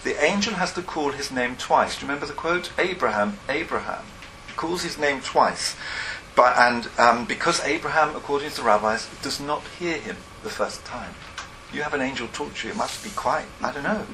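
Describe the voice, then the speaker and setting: Bright-voiced man giving a lecture. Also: medium pitch, a little fast, a little hiss or hum, rough recording. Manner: discursive, self-correcting, thinking aloud. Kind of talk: academic lecture.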